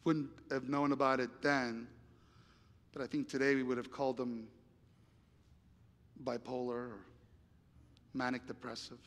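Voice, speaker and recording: A man's voice: medium pitch, flat delivery, unhurried, pauses often, a bit bright. A male pastor preaching a sermon, telling a story and acting out the dialogue, then building to emphatic appeals. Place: church sanctuary. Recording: long church reverb.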